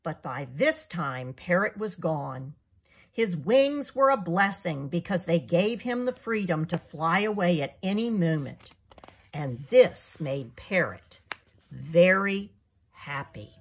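Author reading her kids' book aloud: slow, animated, breathy woman. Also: fairly low pitch. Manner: slow, expressive storytelling. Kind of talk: storybook read-aloud for young children.

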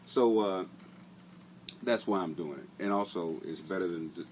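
A man's voice: sits low, moderate pace, a little mellow, slight background noise. A man who is a comedian, chatting casually to viewers on a live stream, rambling, swearing and laughing through his stories. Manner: rambling, profane, laughing storyteller.

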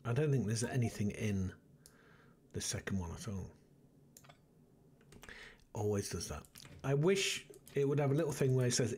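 A man's voice: mid-range voice, expressive, normal speed, pauses often, darkish tone, husky. A man hosting a let's play, muttering and thinking aloud as he plays, rambling with restarts. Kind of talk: casual gameplay commentary.

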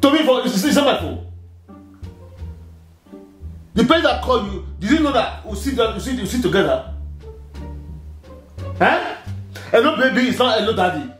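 A middle-aged man playing a strict father in a comedy skit, loudly scolding and firing indignant questions. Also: extremely high pitch, expressive, moderate pace, long pauses. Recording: echoey room with music behind.

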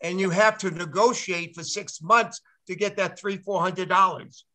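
A man's voice: sits high, steady tone, normal speed, sharp tone. An older man, a talk show guest, chatting casually and teasing his friend with jokes and frequent restarts. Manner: teasing and jokey, restarts often. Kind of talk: casual chat.

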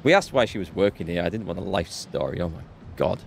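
Low-voiced man joking through gameplay. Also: animated, fast, gravelly, slight background noise. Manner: chuckling, jokey asides. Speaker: let's play gamer. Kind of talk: casual gameplay commentary.

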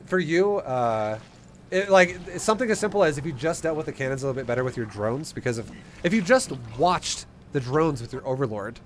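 A man's voice: on the high side, expressive, brisk, slight background noise. A young man coaching a game player over a replay, casual, swearing freely and acting out little scenes. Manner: swears freely, laughs, acts out examples. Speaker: StarCraft coach.

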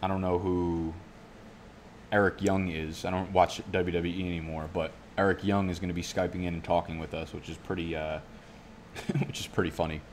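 Low-voiced profane rambling man. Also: flat delivery, moderate pace, a little hiss or hum. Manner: profane, rambling, goes off on tangents. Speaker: fantasy football youtuber. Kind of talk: casual live-stream commentary. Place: home studio.

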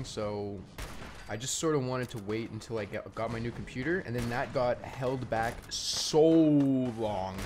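Young man, from Canada, rambling gameplay commentary, chewing candy, faint background noise. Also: medium pitch. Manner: rambling, chatty, with many fillers and restarts. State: eating candy while talking. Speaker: gaming YouTuber.

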